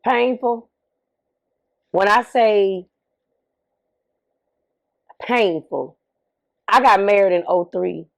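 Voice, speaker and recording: This bereaved mother, middle-aged and appearing as an interview guest, talks candidly and emphatically, often repeating herself and raising rhetorical questions. Her medium-pitched, gravelly voice is extremely slow, with long pauses.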